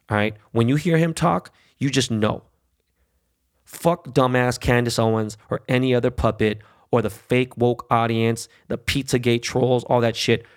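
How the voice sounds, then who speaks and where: Podcast host, male, mid-pitched with a gravelly edge; angry profane monologue, punches every point with "okay?". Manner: angry, blunt, heavy swearing, frequent "okay?" and "right?". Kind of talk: profane political rant.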